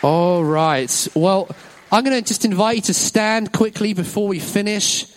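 A man's voice: high voice, unhurried, some chatter behind, a little hiss or hum. A man leading a children's talk in a church service, upbeat and encouraging, praising every answer. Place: church hall with an audience.

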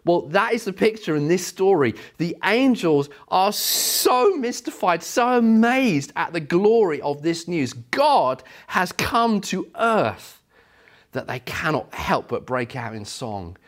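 A middle-aged man preaching a sermon, telling stories with animated delivery. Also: high voice, takes it slowly. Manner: storytelling, animated, voices quotes.

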